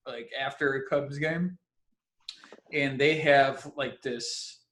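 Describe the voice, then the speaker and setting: A young man in his twenties telling a story in casual chat on a podcast, animated and laughing often. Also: medium pitch, takes it slowly. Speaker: podcast co-host.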